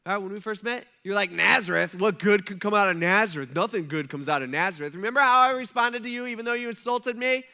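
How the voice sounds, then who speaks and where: A man's voice: extremely high pitch, fairly even intonation, fast, hardly any pauses, smooth, pitched above the performer's own voice, full character voice. A man in a sermon voicing Jesus as a patient teacher who earnestly and conversationally reminds his disciples. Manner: earnest, conversational, gently probing. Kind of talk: sermon storytelling.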